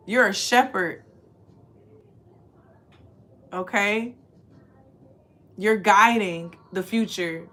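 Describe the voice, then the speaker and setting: A woman reading oracle card messages and affirmations aloud, speaking earnestly and directly to the listener, repeating phrases slowly for emphasis. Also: mid-range voice, pushed and bright. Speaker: spiritual card reader.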